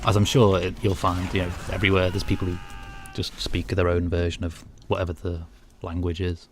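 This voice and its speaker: Low-voiced Northern English streamer. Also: male voice, level tone, fairly quick, a little hiss or hum. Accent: Northern English, near Scouse. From North of England. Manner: chatty and easygoing, lots of "like" and "you know". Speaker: game streamer. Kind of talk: casual chat while gaming, reading viewer comments.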